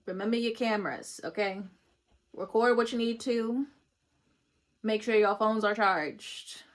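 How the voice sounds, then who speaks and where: A woman's voice: fairly high pitch, unhurried. A woman giving a casual spiritual card reading, chatty and emotional, laughing often between her messages. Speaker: tarot reader.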